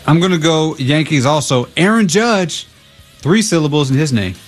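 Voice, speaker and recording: A man's voice: on the high side, lively intonation, moderate pace, soft background music. A man joining a sports radio show as a guest, giving his picks in an easygoing, agreeable way. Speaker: guest picking games. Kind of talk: casual sports radio chat.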